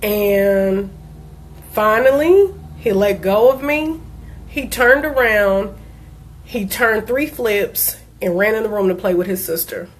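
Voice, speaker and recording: A woman's voice: medium pitch, expressive, takes it slowly. A woman, a diabetes life coach, giving an earnest personal talk and telling a family story with emphasis.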